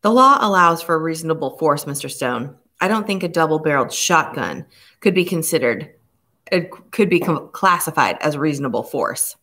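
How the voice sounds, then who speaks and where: A woman reading the part of a stern male police inspector who speaks slowly and grimly. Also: deep voice, animated, sharp tone, exaggerated voice. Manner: slow, measured and grim.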